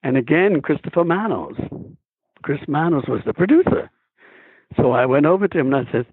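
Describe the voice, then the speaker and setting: A man, a stage and screen actor, telling stories as a guest in a phone interview, chuckling often and animated. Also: mid-range voice, fairly quick, vocal fry, slightly rough, no room sound. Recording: tinny phone line.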